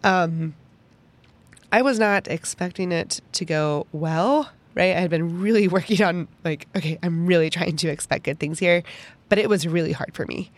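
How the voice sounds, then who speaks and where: A young woman hosting a podcast, telling a personal story in an animated, chatty way full of "like" fillers. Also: on the low side, moderate pace. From Pittsburgh, United States. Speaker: podcast host.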